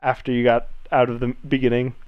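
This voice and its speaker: A man co-hosting a podcast, relaxed and agreeable in casual chat. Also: mid-range voice, a little fast, clean tone, dry recording, highs cut off. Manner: relaxed, agreeable, short replies. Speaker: podcast co-host.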